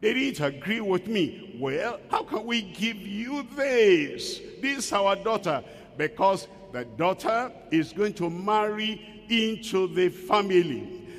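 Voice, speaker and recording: A man's voice: high voice, expressive, slow. A man preaching a sermon emphatically, asking rhetorical questions and acting out quoted voices. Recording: long hall reverb.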